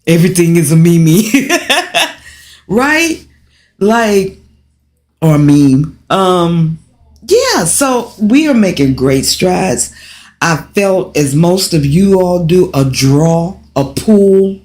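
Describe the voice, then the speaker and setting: Animated American woman chatting to viewers. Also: lowish voice. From United States. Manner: animated, talks straight to viewers, rhetorical questions. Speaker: livestream host and relocation guide. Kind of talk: casual livestream chat.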